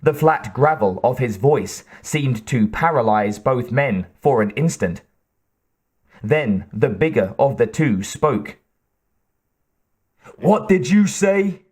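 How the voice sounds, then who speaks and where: A man narrating an audiobook in a measured, even delivery. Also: mid-range voice, husky. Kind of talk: scripted narration.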